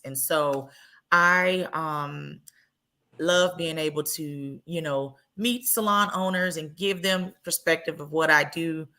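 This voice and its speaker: A woman's voice: on the low side, bright, forceful tone. A woman hosting a live podcast, chatting casually, laughing often and loose in her speech. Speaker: podcast host.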